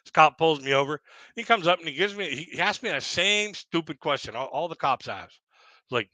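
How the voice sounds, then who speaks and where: Bright-voiced man telling a rambling comic story. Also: on the high side, lively intonation, a little fast, dry recording, dull audio. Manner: rambling, chuckling at his own jokes. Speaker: stand-up comedian. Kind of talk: casual stand-up storytelling on a live audio panel.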